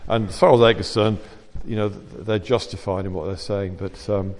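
A man preaching a sermon in a lively, conversational way with wry asides. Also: lowish voice, moderate pace, a little hiss or hum. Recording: long reverb of a church hall.

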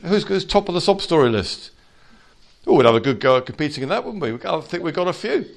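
A man preaching an informal sermon to a small fellowship, swinging from quiet asides to loud exhortation. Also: on the high side, sing-song, fast talker, gravelly.

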